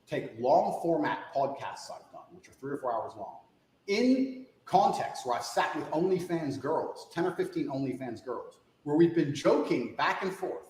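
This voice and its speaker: A man's voice: on the high side, big pitch swings, moderate pace, darkish tone, echoey room, low-quality recording. A man answering interview questions in a combative, insistent way, repeating his points for emphasis. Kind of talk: heated interview exchange.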